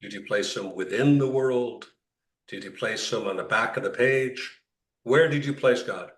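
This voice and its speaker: A man's voice: medium pitch, a little slow. A man, a rabbi, leading an interactive class, telling jokes and often repeating words as he thinks. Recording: echoey room, mic far off.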